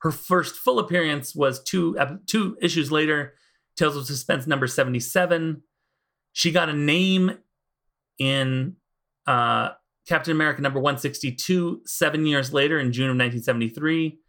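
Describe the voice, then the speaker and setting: Podcast guy with a sharp bright voice, laid back, lists comic issue numbers. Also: fairly high pitch, moderate pace. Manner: relaxed, reels off comic issue details. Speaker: podcast co-host. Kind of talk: casual chat.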